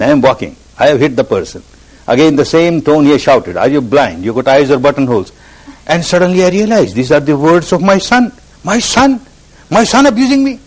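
Animated male meditation teacher. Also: a little high, slightly rough, rough recording. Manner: repeats phrases for emphasis, animated storytelling. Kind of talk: spiritual discourse.

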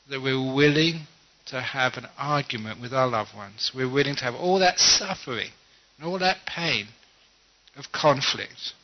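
A man who is a monk, giving a dharma talk with gently humorous, self-mocking storytelling. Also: mid-range voice. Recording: dull lo-fi recording.

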